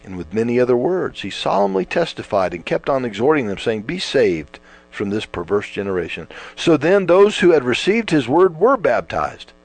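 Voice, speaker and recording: A man preaching a sermon, emphatic, drawing out words for stress and swinging between loud and quiet. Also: medium pitch, sing-song, normal speed. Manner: emphatic, rising and falling with stretched words. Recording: mains hum behind.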